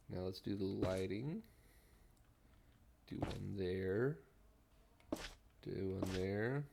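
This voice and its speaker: A middle-aged man with a low, gravelly voice chats in a mellow, rambling way while he plays a game, humming idly as he builds. He talks into a desk mic, and a steady noise runs behind him along with keyboard clicks. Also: extremely slow, long pauses. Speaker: streamer. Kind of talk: relaxed gameplay commentary.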